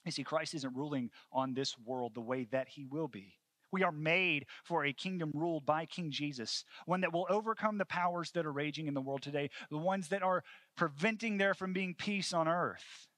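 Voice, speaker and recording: A man in his thirties preaching a sermon, earnest, moving between hushed storytelling and fervent calls. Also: fairly high pitch, moderate pace, no echo. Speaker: pastor.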